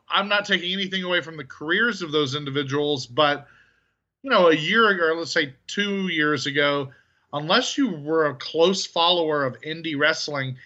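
A man's voice: fairly high pitch, sharp tone. An English man co-hosting a podcast, chatting casually with rambling asides. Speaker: podcast co-host. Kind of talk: casual chat. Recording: dull lo-fi audio.

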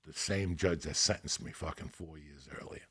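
A man telling a personal story as a guest, animated and heavy on profanity. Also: a bass voice, moderate pace, breathy edge. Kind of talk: storytelling in a conversation.

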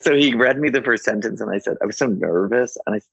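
A deep-voiced man tells a rambling personal story as an interview guest, restarting his sentences and acting out quoted lines. His voice is gravelly and husky. The sound is dry and a bit dull, like lo-fi podcast audio. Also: quick pace, fairly bright tone, dry recording. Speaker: guest author. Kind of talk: casual anecdotal storytelling.

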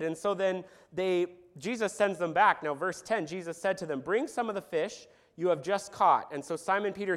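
A man preaching a sermon as pastor, telling a Bible story with lively asides, sarcasm and acted-out quotes. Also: sits high.

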